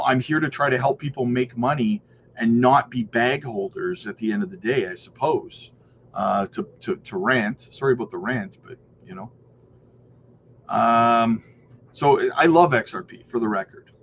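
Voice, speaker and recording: A man's voice: mid-range voice, a little slow, highs cut off, slight background noise. A man hosting a crypto channel, chatting casually, rambling a little and answering viewer questions. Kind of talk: casual livestream chat and news reading.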